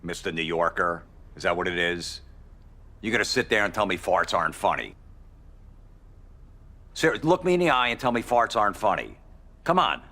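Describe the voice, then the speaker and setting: An actor playing a loud, crude male road comic who talks in a pushy, needling way. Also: sits low, sing-song, normal speed, long pauses, exaggerated voice.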